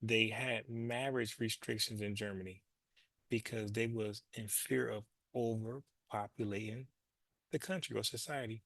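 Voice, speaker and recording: A man hosts his own commentary show in a gravelly, fry-edged voice. He talks loosely and bluntly, repeats words as he restarts, and the sound is close and dry. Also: medium pitch, fairly bright tone, no room sound. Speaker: show host. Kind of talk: casual commentary monologue.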